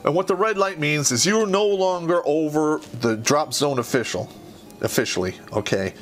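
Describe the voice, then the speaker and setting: A man's voice: on the high side, normal speed. Foul-mouthed man telling war stories. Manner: animated storyteller, heavy swearing, laughs mid-sentence. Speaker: podcast host and Army veteran. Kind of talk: profane comedic war story.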